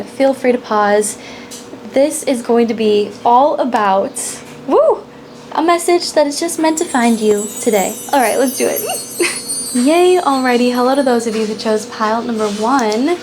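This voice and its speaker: Giggly upbeat woman doing a tarot reading, kinda high voice, faint hum in the back. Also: darkish tone. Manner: giggly and bubbly, often laughing. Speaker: tarot reader. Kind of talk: casual pick-a-card tarot reading.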